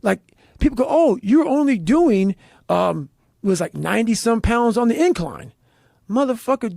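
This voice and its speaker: A man telling intense motivational stories as a podcast guest, swearing heavily and speaking with forceful emphasis. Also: high voice, creaky, no echo, studio quality. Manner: heavy profanity, forceful and emphatic.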